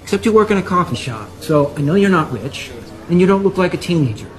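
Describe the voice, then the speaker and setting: A man's voice: high-pitched, lively intonation, fast talker. A man in a comedy sketch, playing a blunt, sarcastic coffee shop customer.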